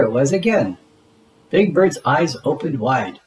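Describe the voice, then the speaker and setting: Slow, expressive man reading to kids. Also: mid-range voice, poor audio. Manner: expressive, unhurried. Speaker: read-aloud narrator. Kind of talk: reading a children's picture book aloud.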